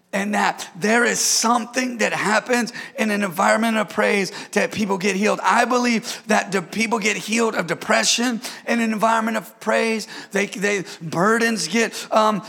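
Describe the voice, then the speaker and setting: Gravelly high-voiced preacher in a hall. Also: male voice, pushed and bright. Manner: emphatic preaching with repetitions and audience call-outs. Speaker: pastor. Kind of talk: sermon.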